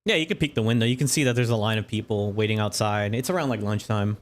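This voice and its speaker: A man's voice: lowish voice, quick pace. A man narrating a tabletop game as dungeon master, chatty and laughing often.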